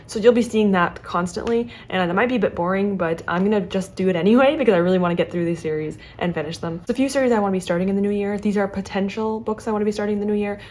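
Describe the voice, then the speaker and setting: A young adult woman chatting casually to camera as a book vlogger, talking fast and chattily with many fillers and restarts. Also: medium pitch, darkish tone.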